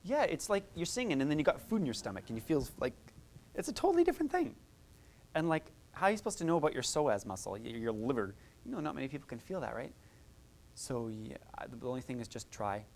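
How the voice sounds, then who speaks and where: A woman's voice: a bass voice, expressive, fast talker, vocal fry, a little mellow, a little hiss or hum. A woman music therapist teaching a group, chatty and encouraging, demonstrating vocal sounds and laughing often. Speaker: music therapist leading a workshop.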